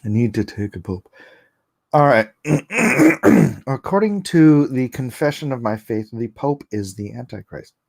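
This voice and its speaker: A slightly hoarse man hosts a casual livestream from a home setup, chuckling as he reads viewers' comments aloud. He talks at an unhurried pace, and his pitch moves up and down in a lively way. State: hoarse after coughing. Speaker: livestream host.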